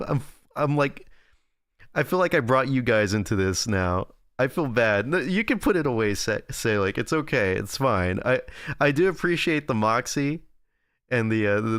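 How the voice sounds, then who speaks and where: Rambling young man streaming, lively pitch. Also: clean tone, no room sound, studio quality. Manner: rambling, self-deprecating, reads and answers chat. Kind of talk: casual livestream chat. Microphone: close desk microphone.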